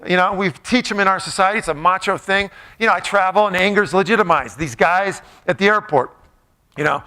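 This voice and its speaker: A man with a high, bright voice gives a motivational talk to a live audience. He jokes often, keeps the tone playful, and keeps putting questions to the crowd. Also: normal speed. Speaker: motivational speaker.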